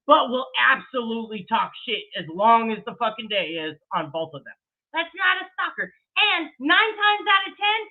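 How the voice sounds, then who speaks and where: A woman giving a heated, profane commentary rant with emphatic delivery and laughing asides. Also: high-pitched. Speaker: commentary streamer. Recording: tinny phone-like audio.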